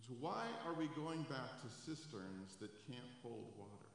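A man's voice: mid-range voice, animated, a little slow, creaky, few pauses. A male pastor preaching a sermon to a room and a live stream, raising his voice for quoted scripture. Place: church sanctuary. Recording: echoey hall, long reverb.

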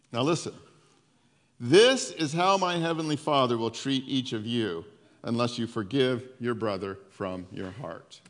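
A man preaching a sermon as pastor. He retells the story conversationally, with lively asides to the congregation. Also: mid-range voice. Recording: long hall reverb.

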